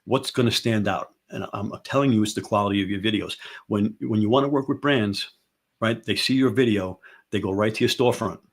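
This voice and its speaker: Host, male, lowish husky voice, emphatic casual advice, loves rhetorical questions. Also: fairly quick. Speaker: show host. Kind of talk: casual ranting advice talk.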